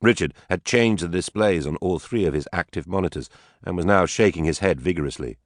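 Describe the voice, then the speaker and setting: Man, audiobook narrator, deep low voice, measured storytelling, dry close recording. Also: no room sound. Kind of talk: scripted narration.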